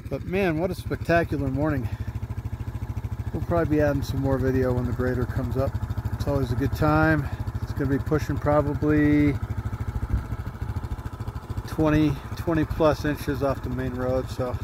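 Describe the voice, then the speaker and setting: A man's voice: mid-range voice, steady tone, normal speed, pauses often, noisy background. A man in his sixties vlogging outdoors in snowy mountains, talking casually and marveling at the scenery. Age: 60s. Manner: enthusiastic, marveling. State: out of breath. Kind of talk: casual outdoor vlog narration.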